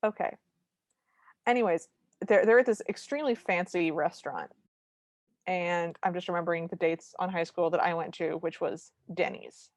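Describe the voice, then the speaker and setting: Lower-voiced woman recapping a movie. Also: normal speed, no echo. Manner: wry, conversational storytelling with humorous asides. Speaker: podcast co-host. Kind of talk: casual movie recap chat.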